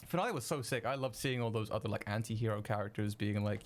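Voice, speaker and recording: A young man streaming while he edits video, chatting casually with viewers, excitable and swearing freely. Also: lowish voice, very fast. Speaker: streamer editing video live. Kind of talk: casual live-stream chat.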